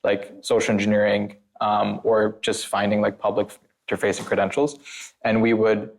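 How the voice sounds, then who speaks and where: Man, podcast guest, low pitch, gravelly fry, rambling with many fillers, blunt. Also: little pitch movement, normal speed. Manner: blunt and emphatic. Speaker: guest, former penetration tester. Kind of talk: casual podcast conversation.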